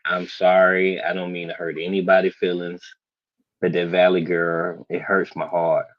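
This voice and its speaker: A man's voice: sits low, monotone, moderate pace, no echo. Man with a dull, lo-fi sound. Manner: hesitant, restarts, chuckling asides. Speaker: panel guest. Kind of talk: casual livestream chat.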